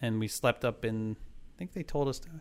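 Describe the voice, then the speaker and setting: A man's voice: mid-range voice, animated, brisk, clean tone. A man in casual chat, telling a ghost story in a rambling way, full of fillers and restarts.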